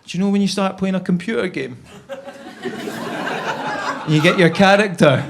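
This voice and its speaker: A man's voice: sits high, moderate pace, gravelly, very noisy. Casual: guy doing his mate roasting him, matter of fact. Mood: teasing. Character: blunt young male best mate, teasing.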